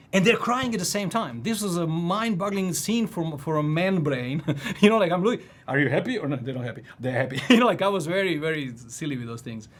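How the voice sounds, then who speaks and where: A man in his forties telling a personal story in casual chat, animated, restarting sentences and laughing often. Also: a little high. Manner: animated, frequent restarts and laughs, "if you know what I mean".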